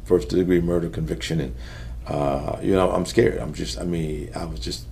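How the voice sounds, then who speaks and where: A middle-aged man with a deep, gravelly voice tells his life story in an interview. He talks in an earnest, halting way and sinks quieter when the memories weigh on him. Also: fairly even intonation, slight background noise. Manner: earnest, halting storytelling that drops soft at heavy moments. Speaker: interview guest. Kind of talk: personal testimony in an interview.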